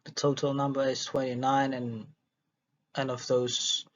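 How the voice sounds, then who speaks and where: A man's voice: medium pitch, little pitch movement, unhurried. A man reading a dialogue transcript aloud for a listening exercise, stumbling and restarting words as he goes. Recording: dull lo-fi recording.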